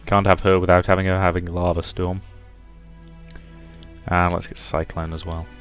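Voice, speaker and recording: A man's voice: sits low, little pitch movement, moderate pace. A man hosting a let's play, making offhand, self-deprecating asides between game dialogue. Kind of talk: casual asides during a game. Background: faint game music.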